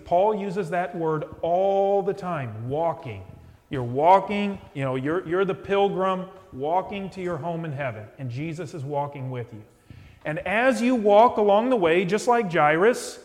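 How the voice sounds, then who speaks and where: A middle-aged male pastor preaching a sermon, retelling a story and softly acting out the voices in it. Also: on the high side. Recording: long hall reverb.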